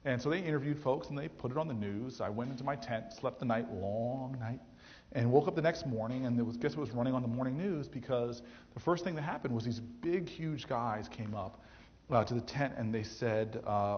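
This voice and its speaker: Animated male speaker in a big hall. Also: mid-range voice, fairly quick, a little hiss or hum. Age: 30s. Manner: animated storyteller, acts out quoted voices, frequent restarts. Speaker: mayor giving a campus speech. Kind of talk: storytelling speech to an audience. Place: large theatre hall. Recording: dull, roomy auditorium recording.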